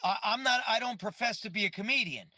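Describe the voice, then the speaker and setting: A man with a high, very bright and sharp voice chats as a guest on a podcast. He rambles through his stories and swears freely. The sound is dry and close. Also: quick pace, dry recording. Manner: loose, rambling storyteller with frequent swearing. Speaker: guest, prank-call performer. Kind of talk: casual podcast chat.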